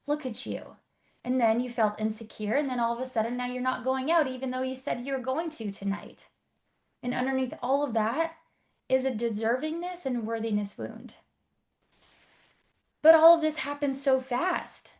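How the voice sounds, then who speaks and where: A woman life coach teaching an online workshop, explaining briskly and checking in with rhetorical questions. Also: sits high.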